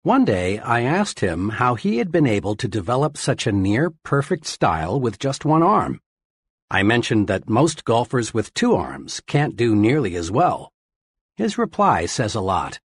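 A man giving a steady, earnest reading of scripted self-help narration, in the manner of an audiobook narrator. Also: medium pitch, a little slow, slightly rough, no echo.

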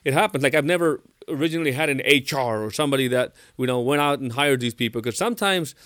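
A man's voice: medium pitch, fast talker, fairly bright tone, no echo. Man interviewing, dry close sound. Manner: thoughtful, hesitant with fillers. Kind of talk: conversational interview.

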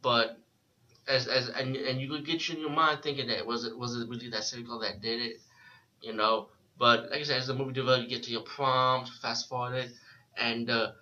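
A man's voice: mid-range voice, level tone, fairly quick, sharp tone. A man giving a casual, rambling spoken movie review, often restarting his sentences and using filler words. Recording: dull lo-fi recording.

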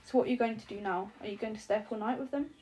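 A woman voicing a drowsy, dry-witted young man, teasing in a deadpan, mock-solemn way. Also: on the high side, racing, lightly acted.

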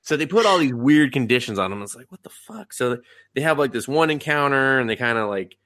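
A man's voice: mid-range voice, fairly quick, no echo. A young man co-hosting a podcast, casually recapping an anime with lots of swearing and acted-out reactions. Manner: animated, profane, acts out reactions in voices. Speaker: podcast co-host.

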